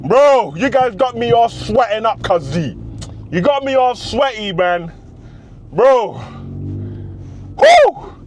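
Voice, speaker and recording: Hyped young man shouting in a car. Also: sits high, lively intonation, a little slow. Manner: boastful, loud bursts of hype, street slang. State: losing his voice. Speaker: car vlogger. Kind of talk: excited in-car commentary. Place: inside a car on country roads. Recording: car noise behind the voice.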